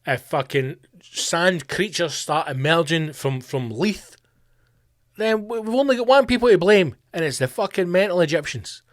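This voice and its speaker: A man's voice: a little high, no room sound, clean studio sound. Sweary Scottish man ranting on a podcast. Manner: sweary, animated, slips into mock voices. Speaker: podcast host. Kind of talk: profane comedic rant.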